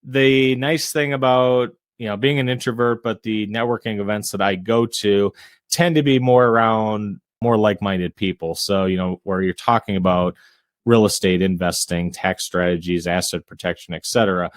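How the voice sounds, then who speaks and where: Low-voiced man speaking in a dry room. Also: steady tone, no room sound. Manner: measured, self-described introvert, frequent "you know" fillers. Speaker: real estate investor and realtor guest. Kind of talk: casual podcast interview. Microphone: podcast microphone.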